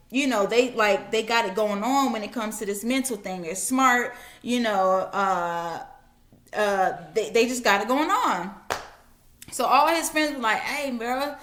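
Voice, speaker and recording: High-voiced woman teaching the Bible casually. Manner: animated retelling with slang, acts out voices.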